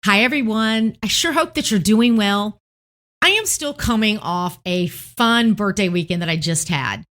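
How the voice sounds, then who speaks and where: A middle-aged woman from Tennessee, hosting a devotional podcast and gently reminiscing. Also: medium pitch, unhurried. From Tennessee, United States. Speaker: podcast host.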